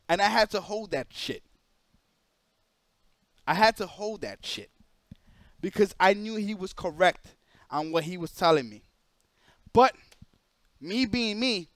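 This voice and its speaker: A man streaming live, telling a story in an animated way, emphatic and profane and repeating himself for emphasis. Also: high-pitched, no echo, clean studio sound.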